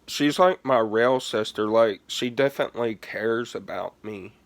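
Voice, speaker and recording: A man chats through a long personal story for his vlog in a smooth, clear voice. He takes his time, drifts between thoughts, swears often and keeps saying "like". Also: medium pitch, a little slow. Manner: rambling, profane, heavy use of "like". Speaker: gaming vlogger.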